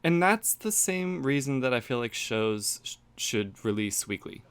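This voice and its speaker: A man's voice: mid-range voice, measured pace, smooth. A man co-hosting a podcast in casual chat, telling anecdotes animatedly and quoting his own reactions. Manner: animated storytelling, quotes himself. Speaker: podcast co-host.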